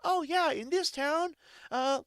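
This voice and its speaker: A man's voice: very high voice, slow, fairly bright tone, no echo, studio quality, voice pushed up, full character voice. A man voicing a cheerful townsperson who shrugs off strange customs, breezy and matter-of-fact.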